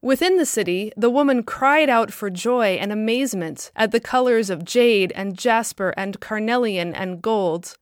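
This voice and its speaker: A woman narrating a story in a calm, measured reading. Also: mid-range voice, no echo, clean studio sound.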